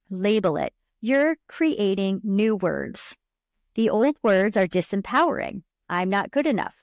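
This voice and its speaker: A woman's voice: medium pitch, dry recording, clean studio sound. A woman hosting a self-help podcast, talking earnestly to her listener in a coaching tone. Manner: earnest, coaching tone, acts out inner voices. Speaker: podcast host and subconscious coach. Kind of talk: solo self-help talk.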